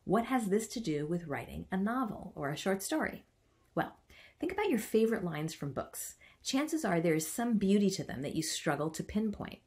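A woman's voice: mid-range voice, big pitch swings, moderate pace, a little mellow. A woman teaching a writing workshop. She chants the stressed beats aloud and adds playful, self-mocking asides. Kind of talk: online writing lesson.

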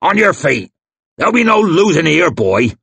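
A man's voice: fairly low pitch, very animated, unhurried, no echo. A man voicing a boisterous, boastful fat hillman chieftain who taunts and roars. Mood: roaring. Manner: loud, taunting, blustering.

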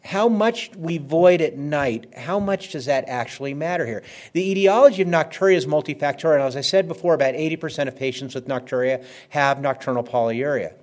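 A man's voice: fairly high pitch, fairly quick, hardly any pauses. A man giving a conversational medical lecture, stressing key words and repeating them for emphasis. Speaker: physician lecturer.

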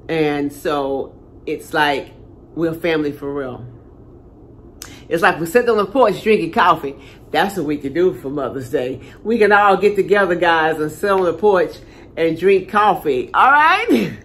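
Chatty older woman addressing her viewers. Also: fairly low pitch. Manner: warm, chatty, repeats herself, talks straight to viewers. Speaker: channel host. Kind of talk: casual talk to viewers.

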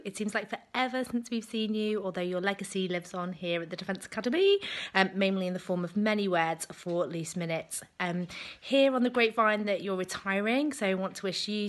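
A woman giving a bright, friendly, lightly teasing farewell message. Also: mid-range voice, animated, moderate pace, a little hiss or hum. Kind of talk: casual video greeting.

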